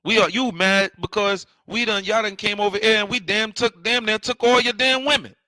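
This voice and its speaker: A man's voice: high voice, steady tone, moderate pace, bright, forceful tone, dry recording, rough recording. A man hosting a livestream, ranting confrontationally and repeating himself. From New York City. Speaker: online show host. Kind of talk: heated livestream rant.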